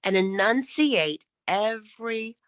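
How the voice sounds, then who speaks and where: A woman coaching public speaking in an online workshop, enunciating every syllable crisply and switching between loud and whispered speech. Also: a little high, animated, slow, dry recording.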